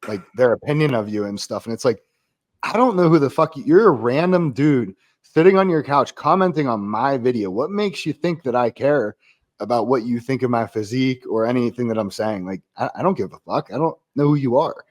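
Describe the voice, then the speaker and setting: A man who is a former Marine, a podcast guest speaking in casual conversation, blunt, profane and quick to laugh. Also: mid-range voice, darkish tone.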